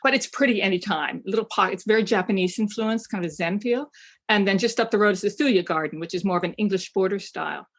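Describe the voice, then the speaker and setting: A travel guidebook writer from Maine chats enthusiastically as a guest in a casual interview, with frequent fillers and restarts. Her voice is mid-range, and she speaks at a quick pace.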